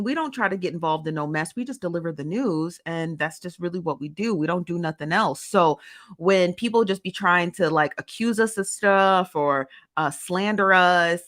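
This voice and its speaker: A chatty young woman hosting a casual live stream, greeting her viewers by name and riffing on their comments. Her voice sits a little low for a woman, and her delivery is loose, playful and full of slang. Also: fairly bright tone. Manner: chatty, laughs often, drawn-out Southern-style slang, reads comments aloud. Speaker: host of a live gossip show.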